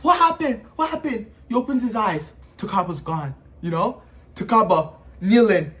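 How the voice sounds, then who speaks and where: A man giving casual anime review commentary, animated and slangy, full of sound effects. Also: high voice.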